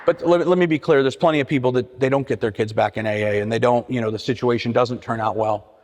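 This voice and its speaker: A man's voice: medium pitch, quick pace, a little mellow. A middle-aged man telling his recovery story at a meeting, earnest, with frequent restarts and repeated words. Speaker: AA meeting speaker. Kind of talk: personal recovery talk. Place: church meeting hall. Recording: hall reverb.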